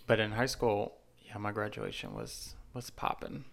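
A man's voice: lowish voice, huge pitch swings, vocal fry. A man from Tennessee with a Southern accent, chatting and teasing as a podcast co-host. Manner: chatty, teasing, quick to laugh. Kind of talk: casual podcast chat.

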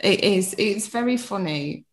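A woman's voice: mid-range voice, lively intonation, a little slow. A British woman in her thirties chatting casually as a podcast guest, laughing often and swearing lightly. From United Kingdom. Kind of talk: casual chat.

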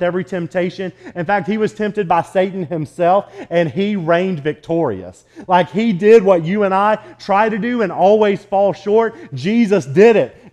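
A man preaching a sermon in a casual, conversational way, often calling the congregation "guys" and building to loud, emphatic exhortations. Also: high-pitched. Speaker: pastor.

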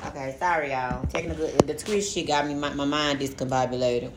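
A woman's voice: low-pitched, fairly even intonation, brisk, background noise. A young adult woman co-hosting a podcast, talking in a candid, profane, joking casual way, reading and answering a listener letter. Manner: candid, profane, laughing, loose slangy talk. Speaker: podcast co-host.

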